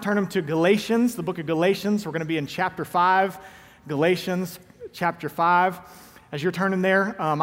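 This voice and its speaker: A man in his thirties with a high-pitched voice preaches to his congregation in a loose, conversational way, full of self-mocking jokes. His words ring out with a long reverb from a large church hall. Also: a bit bright. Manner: joking, self-deprecating storyteller. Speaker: pastor. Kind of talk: conversational sermon. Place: church sanctuary.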